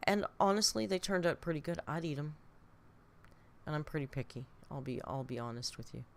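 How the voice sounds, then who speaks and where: A woman's voice: sits low, lively intonation, a little fast. A woman hosting a casual live reaction stream from home, chatty and laughing as she scolds her cat between remarks. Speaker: reaction channel host.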